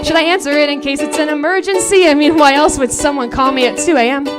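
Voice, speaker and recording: A woman's voice: high voice, fairly even intonation, fast talker, over music. A woman in her late twenties performing a comedic sung story live on a saloon stage, wry and profane, with spoken asides between verses. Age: late 20s. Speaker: comedic singer-songwriter. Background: her own ukulele accompaniment.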